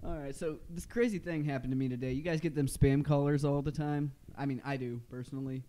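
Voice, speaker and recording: A man's voice: fairly high pitch, steady tone, fast, dark tone. Laid-back young male podcast host. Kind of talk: casual chat.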